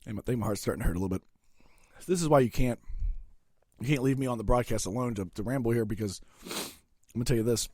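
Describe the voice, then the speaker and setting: A middle-aged man hosting a podcast alone, ranting crudely and profanely with sudden loud outbursts while eating. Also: mid-range voice, fast, long pauses, dry recording, clean studio sound. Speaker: podcast host. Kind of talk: solo comedic rant.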